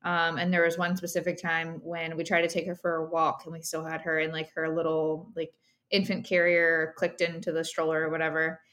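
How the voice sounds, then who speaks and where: A woman's voice: low-pitched, monotone, brisk, fairly bright tone. A woman and new mother chatting casually on a podcast, with lots of fillers.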